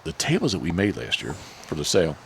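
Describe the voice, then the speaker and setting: A man's voice: sits low, huge pitch swings, quick pace, vocal fry, slight background noise. A man hosting a casual podcast, rambling through sponsor reads in an easygoing way. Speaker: podcast host.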